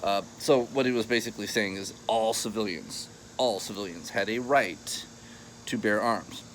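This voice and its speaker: Brief: low-pitched American male host, conversational lecture, rambling and self-correcting, light hiss behind. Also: normal speed, a bit bright. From United States. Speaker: history channel host. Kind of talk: casual explainer monologue.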